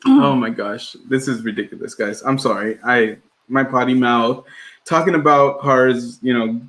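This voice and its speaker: A man's voice: medium pitch, big pitch swings, a little slow, fairly bright tone, rough recording. A man co-hosting a casual livestream podcast from home, rambling and laughing often. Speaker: podcast co-host.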